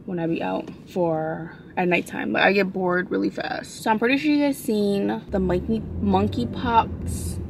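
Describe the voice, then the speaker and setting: A woman's voice: mid-range voice, normal speed, vocal fry, few pauses, poor audio. A woman vlogger chatting casually from inside a car at a drive-through, rambling with lots of fillers and the odd swear. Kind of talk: casual vlog chat. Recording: loud car and street noise.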